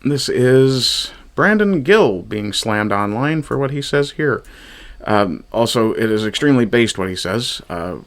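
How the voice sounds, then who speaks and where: A man from Newfoundland talks over video clips in a mocking, profane commentary. His voice sits a little low, and his tone stays sarcastic and dismissive throughout. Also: fairly bright tone. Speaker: commentary streamer.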